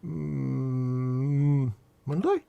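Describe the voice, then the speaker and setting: A man's voice: mid-range voice, very slow, vocal fry, clean tone, dry recording, narrow, tinny audio. A man co-hosting a live model-building stream, joking and teasing, explaining things at length. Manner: jokey, teasing, rambling explanations. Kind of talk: casual chat.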